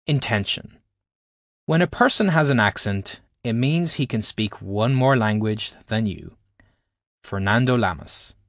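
Male author-narrator, audiobook read, explanatory and measured, very animated pitch, dry close sound. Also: dry recording. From Ireland. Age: adult, at least 20s. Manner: explanatory, carefully paced teaching delivery. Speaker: author reading his own book.

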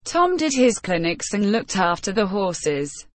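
A woman reading a story aloud as narrator, telling it slowly and evenly, with light voices for the characters. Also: medium pitch, dry recording. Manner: slow, even storytelling with small character voices. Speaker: audiobook narrator. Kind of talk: scripted narration.

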